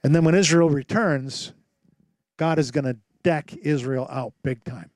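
Pastor guy preaching, kinda high voice, dry close sound, asks lots of questions, acts stuff out. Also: measured pace, dry recording. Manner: animated storytelling with rhetorical questions. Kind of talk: sermon.

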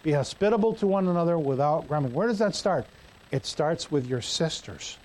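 A man's voice: a little high, expressive, a little fast, darkish tone, low-quality recording. A male pastor preaching a sermon in a church, conversational and joking with the congregation.

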